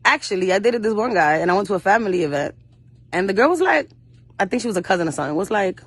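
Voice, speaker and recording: In a dry recording, a young actress with an expressive, mid-range, breathy-edged voice talks fast while telling personal stories as an interview guest. She is blunt and fiery, curses often, and acts out the quoted voices of her mother and others with passion.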